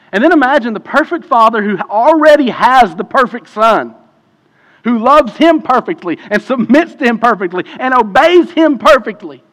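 A man preaching a sermon as pastor, impassioned and swinging between hushed and loud passages. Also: high voice. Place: church sanctuary. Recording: long hall reverb.

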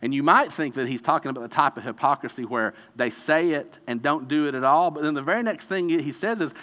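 Animated man preaching in an echoey hall. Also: on the high side. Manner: animated, emphatic preaching with dramatic slowdowns. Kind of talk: sermon. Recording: dull reverberant hall recording.

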